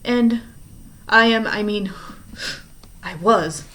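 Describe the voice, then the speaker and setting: A woman reading aloud, voicing a scheming man in disguise who speaks in a smooth, falsely polite way. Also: mid-range voice, slow, a bit bright, a little hiss or hum, low-quality recording. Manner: smooth and oily, then menacing.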